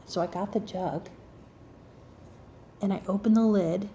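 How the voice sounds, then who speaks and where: A woman telling a story casually, acting out other people's lines in an animated and self-mocking way. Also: mid-range voice, measured pace.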